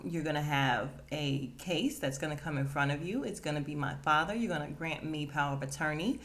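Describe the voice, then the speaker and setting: A fairly low-pitched woman hosts a laid-back podcast where she walks through a TV episode. She performs the characters' lines in a lively retelling and laughs a lot.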